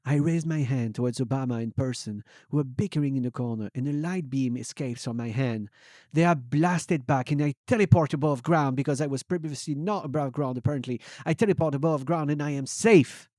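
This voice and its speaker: A young man streamer reading fan fiction aloud as a comic dramatic reading, swinging between hushed and loud. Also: mid-range voice, fairly quick, dry recording, clean studio sound.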